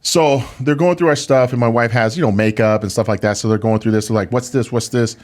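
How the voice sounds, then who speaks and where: Speaking quickly in a medium pitch, a man on a podcast recounts a story with casual indignation. In the studio he stays animated, sprinkling his telling with plenty of "like"s and "dude"s.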